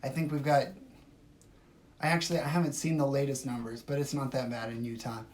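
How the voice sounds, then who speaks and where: A woman's voice: a bass voice, steady tone, fairly quick, a little mellow, slight background noise. A woman hosting a casual phone livestream, chatting and answering viewer comments. She talks emphatically and swings between gushing and dismissive. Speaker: livestream host.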